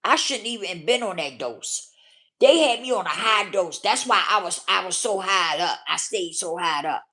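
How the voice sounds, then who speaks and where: A woman's voice: medium pitch, lively intonation, normal speed, pushed and bright. A woman vlogger telling a personal story straight to her viewers, blunt and profane, checking in with "okay?" and "do you hear me?". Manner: emphatic, talks straight to viewers with frequent 'okay?' and 'do you hear me?'. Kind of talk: candid storytelling monologue.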